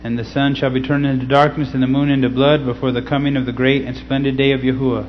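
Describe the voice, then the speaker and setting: A man's voice: mid-range voice, level tone. Laid-back man teaching scripture. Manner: casual, keeps checking in with "okay?"; slow, deliberate scripture reading. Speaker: pastor. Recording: slightly dull recording with faint hum.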